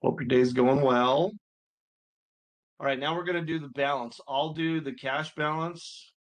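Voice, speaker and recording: A man's voice: a little high, steady tone, unhurried. A man teaching accounting, talking casually through a homework walkthrough, thinking aloud and sounding mildly exasperated at times. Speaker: accounting instructor. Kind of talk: screen-recorded homework walkthrough.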